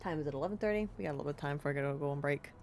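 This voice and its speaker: A woman's voice: sits low, racing, a little mellow, a little hiss or hum. A young American woman streaming a game, chatting casually and rambling cheerfully, with lots of "like" and "you know.". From United States. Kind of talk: casual let's-play chat.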